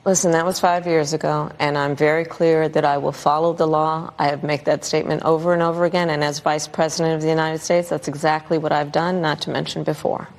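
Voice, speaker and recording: Woman, deep voice, vocal fry, careful repeated talking points. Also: flat delivery. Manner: measured, repetitive talking points. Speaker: political candidate. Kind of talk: interview answers.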